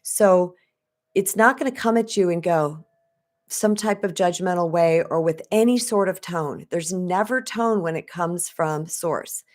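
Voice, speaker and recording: Chatty woman coach with a low voice. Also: unhurried, a little mellow. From Arizona. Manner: chatty, conversational, addresses viewers directly. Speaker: spiritual coach. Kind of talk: live-stream storytelling.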